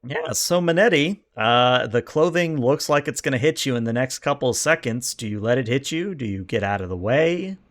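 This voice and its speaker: A man's voice: mid-range voice, moderate pace, few pauses. Playful man narrating as game master. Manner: lively, playful, laughs often.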